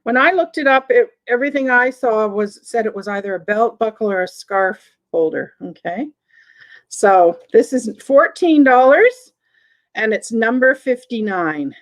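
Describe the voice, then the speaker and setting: A woman's voice: a little high, normal speed, few pauses, fairly bright tone, poor audio. A woman with a Southern American accent hosting a live online vintage sale in a chatty way, reading viewer comments aloud between descriptions of items. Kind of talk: live-stream sales chat.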